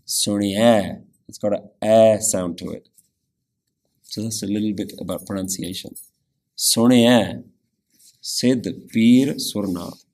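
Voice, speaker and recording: A man teaching a Sikh scripture lesson, explaining meanings and pronunciation with careful, deliberate explanation and frequent "yeah?" check-ins. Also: fairly low pitch, a little mellow. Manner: pronounces Punjabi scripture carefully.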